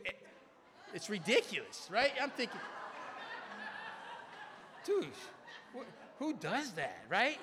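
Middle-aged male speaker, chatty storyteller, bright voice, reverberant hall. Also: sits high, a little hiss or hum. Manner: conversational storyteller, often asks "right?". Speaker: recovery meeting speaker. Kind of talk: personal story told to a crowd.

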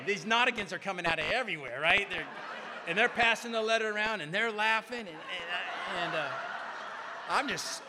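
A man's voice: sits high, noisy background. A middle-aged man speaking at a large recovery meeting, telling a rambling, self-mocking personal story and often tagging on "right?". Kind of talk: humorous personal storytelling to a crowd. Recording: reverberant hall.

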